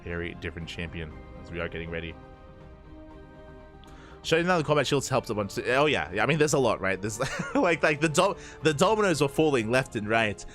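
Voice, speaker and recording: A relaxed male esports caster with a mild Australian lilt softened by a Spanish-speaking home, chatting loosely with his viewers. His pitch sits in an ordinary middle range, and faint music plays under the stream. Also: brisk. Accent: mild Australian, blended with Spanish-speaking upbringing. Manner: relaxed and chatty, answers chat, says "true, true" and "papi". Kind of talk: casual live stream commentary.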